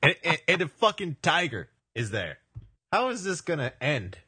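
A man's voice: a little high, very animated, moderate pace, sharp tone, breathy edge, no room sound. A man co-hosting a casual comedic podcast, rambling through stories and swearing freely. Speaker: podcast co-host.

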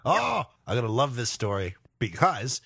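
A laid-back male podcast co-host in casual chat, reading news stories aloud between jokes. His pitch sits in an ordinary middle range. The recording is dry and close. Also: wildly swooping pitch, normal speed, gravelly, a bit bright, breathy edge, dry recording.

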